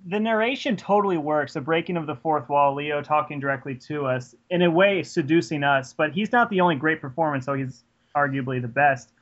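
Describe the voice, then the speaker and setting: Man, podcast co-host, casual film talk, articulate, steady, slightly high voice, muffled lo-fi audio. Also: a little fast.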